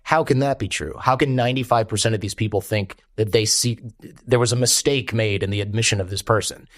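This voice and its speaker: A man, a podcast guest telling stories in an animated way and quoting people in character. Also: lowish voice, brisk, no room sound, clean studio sound. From United States. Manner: animated storyteller, quotes others in character. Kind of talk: conversational interview.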